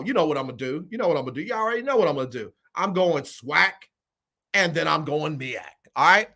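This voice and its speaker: Bright, animated man picking games. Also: on the high side. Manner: animated, repeats phrases, Southern US Black vernacular. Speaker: sports show host. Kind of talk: casual sports talk show picks.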